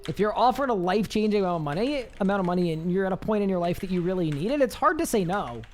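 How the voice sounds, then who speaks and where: A man with a high-pitched voice, chatting casually on a live game stream, reading chat aloud and rambling with restarts. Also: expressive, very fast, a little hiss or hum.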